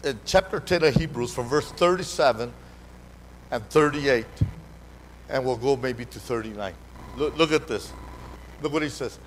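A man preaching a sermon as pastor, animated, calling out to the congregation and repeating his words. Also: mid-range voice, moderate pace, pauses often, slight background noise, low-quality recording. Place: church hall during a live service.

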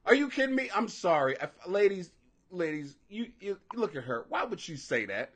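A man in his forties hosting a live stream, ranting loudly and profanely, laughing as he reacts. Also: sits high, normal speed, husky. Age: 40s. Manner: profane, loud, laughing, animated. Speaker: livestream host. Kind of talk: casual ranting commentary.

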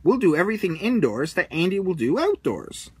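A man's voice: sits high, very animated, brisk, husky, no echo, voice pushed up, full character voice. Guy doing a friendly toy cowboy from a storybook, reassuring, dry sound. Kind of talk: storybook read-along.

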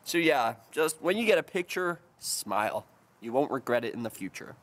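A man in his twenties talks casually to his viewers while walking outdoors, joking and wandering from one story to the next. He is recorded on a handheld camera mic in a quiet open field, and his voice sits at an ordinary mid pitch. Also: very animated, moderate pace. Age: 20s. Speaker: vlogger. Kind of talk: casual vlog chat.

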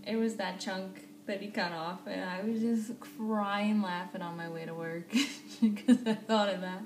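A young woman casually telling a storytime vlog, animated and swearing freely, laughing often. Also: mid-range voice, unhurried. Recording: echoey room, faint background noise.

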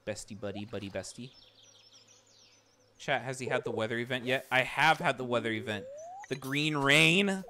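A male streamer chatting casually with his viewers while playing, excitable and swearing freely as he reacts to the game. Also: medium pitch, a little fast, pauses often, slight background noise. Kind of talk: casual live gameplay chat.

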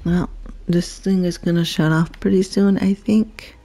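A woman's voice: on the low side, steady tone, measured pace, mellow. A woman giving casual commentary while playing a video game, chatty and giggly, talking to the creatures on screen. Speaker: gameplay vlogger.

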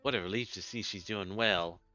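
A man voicing a smug, money-minded male loan shark, reading the lines quickly and wryly in a game playthrough. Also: on the low side, bright, forceful tone. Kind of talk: let's play character voice. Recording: dull lo-fi recording with game music.

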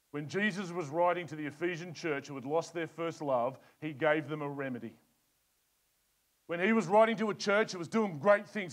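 Here a pastor, a middle-aged man from Australia, gives a sermon that swings from booming urgency to soft murmured asides.

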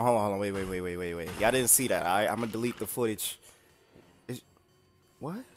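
A young man casually commenting on his own gameplay, joking and trash talking the other players with sudden bursts of excitement. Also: lowish voice, moderate pace, pauses often. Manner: animated, jokey trash talk to opponents, bursts of excitement. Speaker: gaming streamer.

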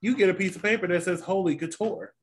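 A man's voice: high-pitched, fairly even intonation, fast, a little hiss or hum. A man co-hosting a casual show review, chatty and dramatic, often acting out quotes. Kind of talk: casual chat.

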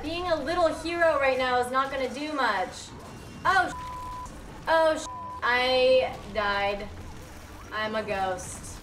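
A woman hosting a game review show, giving excited gameplay commentary and yelling at the game. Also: high voice, reverberant, distant mic, a little hiss or hum.

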